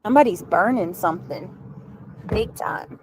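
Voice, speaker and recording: A woman's voice: mid-range voice, expressive, moderate pace, slight background noise, rough recording. A woman from the American South chatting with viewers on a livestream while riding in a car, rambling and easily sidetracked. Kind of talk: casual livestream chat.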